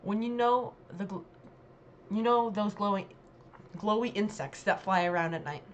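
A woman's voice: medium pitch, moderate pace, lo-fi sound, slight background noise. Chatty, hesitant woman vlogger. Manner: chatty and hesitant, with many ums and self-corrections. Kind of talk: casual commentary on a dialect quiz.

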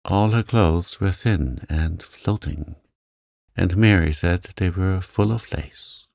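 Man, calm sleep-story narration, unhurried, dry close sound. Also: low-pitched, vocal fry, no room sound. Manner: slow, soft and gentle.

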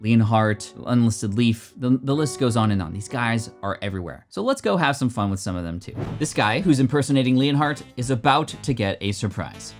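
A man with a middle-pitched voice hosts a casual video, commenting on chat messages in a wry, amused way. He keeps a relaxed, conversational tone, with faint music playing underneath. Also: a little fast, few pauses. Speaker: YouTube host.

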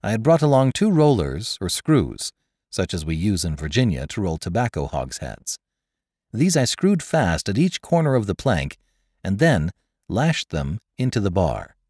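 A man narrates an adventure story with dramatic flair. His voice sits very low yet moves with lively, wide swings of pitch. The sound is dry and close, with no room echo. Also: measured pace. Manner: dramatic storytelling, dropping low and quiet for dialogue. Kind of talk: scripted narration.

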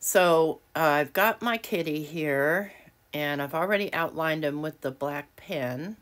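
A woman's voice: low voice, unhurried, fairly bright tone. A woman hosting a casual crafting tutorial at her home desk, chatty and self-deprecating, often laughing at herself. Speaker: craft video host.

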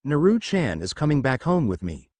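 A fierce mother who claims her son as hers alone, read by a man. Her questions come out sharp and insistent, with a lively pitch. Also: normal speed, no echo. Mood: demanding. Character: possessive, furious young mother.

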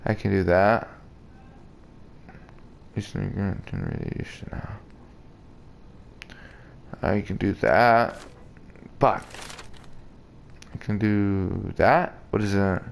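Male gamer, low gravelly voice, slow joking commentary, faint noise behind. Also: lively intonation. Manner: joking, crude, talks back to the game. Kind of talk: casual let's play commentary.

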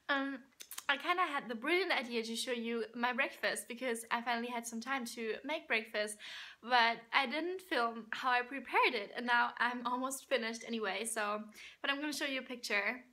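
A woman's voice: on the high side, normal speed, pushed and bright. A young woman chatting casually in a vlog, giggling often and talking while she eats, tired from a sleepless night. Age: young adult. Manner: giggly, chatty, laughs often between sentences; talks while eating. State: underslept and tired. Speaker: vlogger.

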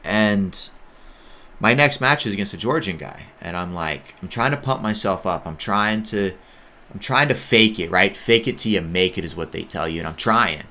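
Deep, bright-toned American man telling his story. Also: lively intonation, normal speed. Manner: candid, rambling, heavy use of "like" and "right?". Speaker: judo athlete sharing his experience. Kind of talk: casual storytelling monologue.

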